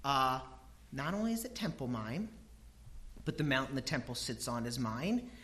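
A middle-aged man preaching a sermon, emphatic and animated, dropping to a hush and then rising loud, telling homely family stories. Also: medium pitch, moderate pace. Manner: animated, emphatic, swings between hushed and loud. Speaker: pastor.

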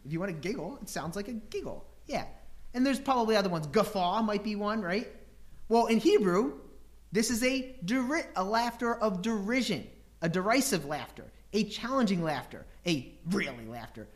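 A man's voice: high-pitched, expressive, moderate pace. A man preaching a sermon, teaching scripture with rhetorical questions and acting out voices and laughter.

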